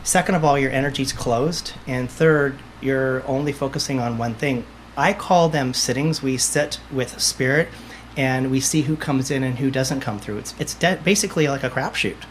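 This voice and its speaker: A man who works as a medium chats as a guest on a podcast, speaking at normal speed with a medium pitch over slight background noise. He's a lively storyteller who acts out dialogue during the casual interview chat.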